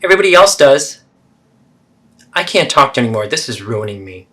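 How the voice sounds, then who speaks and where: A defensive, self-pitying middle-aged mother, played by a man swoops through a lively, expressive pitch as she deflects blame and guilt-trips. It is a therapeutic role-play, and her tone stays wounded and evasive. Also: fairly quick.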